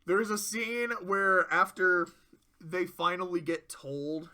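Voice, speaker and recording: A man talks through episode rankings in a loose, unscripted way, swearing freely and laughing often as he gets worked up. His voice sits a little high and sounds strikingly bright and sharp. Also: takes it slowly. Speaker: tier list reviewer. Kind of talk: casual review commentary.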